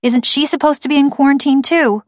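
Woman doing a high, defiant young girl. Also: fairly even intonation, brisk, no echo, studio quality, close to an everyday voice. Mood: insistent.

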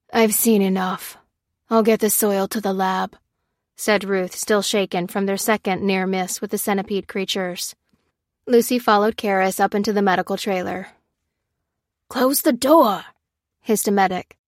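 A woman reading an audiobook in a steady, even storytelling manner. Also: mid-range voice, no echo, studio quality. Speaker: narrator. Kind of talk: audiobook narration.

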